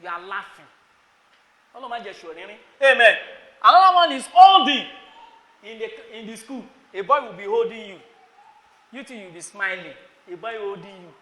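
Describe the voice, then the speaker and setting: A Nigerian man preaching to a crowd of students in an echoey hall. His voice sits very high and sharply bright. He scolds his listeners and fires questions at them. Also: lively intonation, moderate pace, long pauses. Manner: scolding, rhetorical questions, calling on listeners by name. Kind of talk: sermon.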